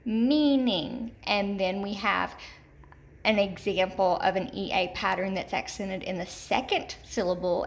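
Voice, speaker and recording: A woman teaching a third grade word study lesson, enunciating slowly and repeating example words for young children. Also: mid-range voice, vocal fry. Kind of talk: recorded remote lesson.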